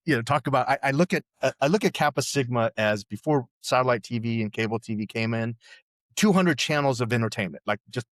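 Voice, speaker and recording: A man's voice: medium pitch, quick pace, fairly bright tone, no echo. Rambling, swearing man in his sixties. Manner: rambling, profane, many restarts and "you know"s. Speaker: podcast guest. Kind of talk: casual storytelling chat.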